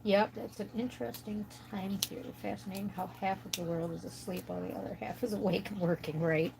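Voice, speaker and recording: A woman's voice: mid-range voice, steady tone, fairly quick, vocal fry, heavy background noise. An American woman hosting a casual coloring livestream from home, chatting and rambling to viewers as she colors. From United States. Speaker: livestream host. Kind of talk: casual chat while coloring.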